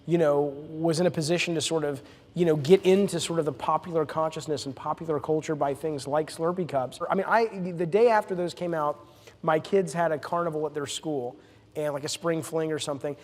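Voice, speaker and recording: An enthusiastic man with a slightly high voice, speaking as a game director on a live panel. He tells stories eagerly and often restarts his sentences. The sound carries a long hall reverb. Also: steady tone, a little fast. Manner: enthusiastic storyteller with many restarts. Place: stage at a live event.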